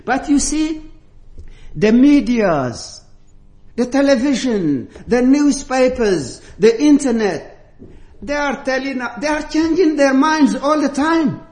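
Slow, emphatic high-voiced male preacher. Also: animated, a little mellow. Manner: emphatic, slow and deliberate, rising on key words. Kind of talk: sermon. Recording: echoey room.

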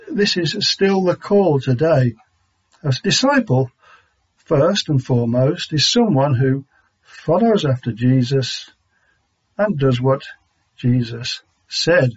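A man teaching a sermon on Scripture in a measured, halting way with frequent pauses and fillers. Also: fairly high pitch, breathy edge. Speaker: Bible teacher. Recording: dull lo-fi recording.

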